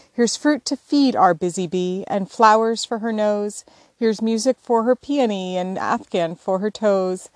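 A woman's voice: medium pitch, darkish tone, no room sound, close to an everyday voice. A woman reciting as a stately snow maiden in verse. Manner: sing-song rhyming recitation.

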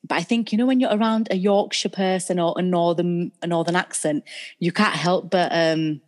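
A woman's voice: fairly low pitch, steady tone, normal speed. A young woman with a Northern English accent co-hosting a podcast, talking casually and enthusiastically. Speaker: podcast co-host. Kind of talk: casual chat.

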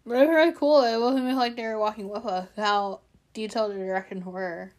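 A woman's voice: on the high side, steady tone, fairly quick, a little mellow. A woman in casual chat, enthusiastic and eager to explain her views. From United States.

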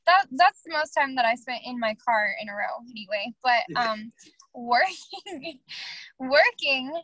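High-voiced chatty woman guest. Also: expressive, unhurried, fairly bright tone, dry recording, poor audio. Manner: chatty, laughing, filler-heavy storytelling. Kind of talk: casual interview chat.

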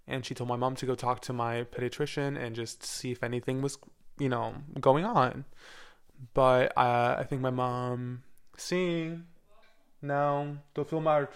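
A man in his twenties, a university music student, hosts his own podcast and chats casually on his own, rambling and candid with plenty of fillers and an occasional swear word. His medium-pitched voice is clear and resonant, delivered flatly at a normal speed.

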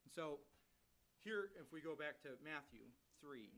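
A man delivers a sermon as a guest preacher, explaining a Bible passage verse by verse. His voice sits somewhat high for a man. He often restarts his phrases as he teaches. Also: animated, unhurried, pushed and bright, poor audio. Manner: teaching through scripture, with frequent restarts.

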